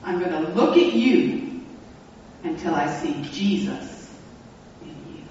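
A preacher voicing a small, fearless woman pastor who speaks calmly and steadily, in an echoey hall. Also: medium pitch, takes it slowly, slight background noise. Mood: steady. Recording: echoey hall, distant mic, dull sound.

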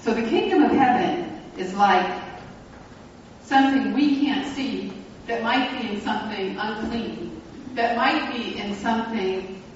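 A pastor telling a story in a sermon, speaking reflectively and slowing down for emphasis. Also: medium pitch, a little hiss or hum. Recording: echoey hall, distant mic, dull sound.

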